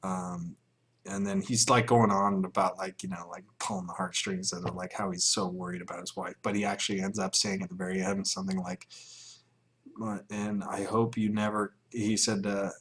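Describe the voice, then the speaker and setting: Man, somewhat low voice, livestream Q&A, swears constantly, rambles, laughs a lot. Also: very animated, a little fast, vocal fry, a bit bright, a little hiss or hum. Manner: profane, rambling, laughs often. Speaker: livestreamer answering chat questions. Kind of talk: casual livestream Q&A chat.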